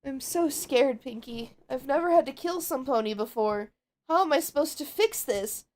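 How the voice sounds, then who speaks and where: A woman's voice: high-pitched, animated, moderate pace, a little mellow. Twilight Sparkle, a woman doing a frightened bookish pony. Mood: anxious. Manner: worried, diary-style narration. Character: anxious, studious young mare pony leader. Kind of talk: Roblox game role-play voicing.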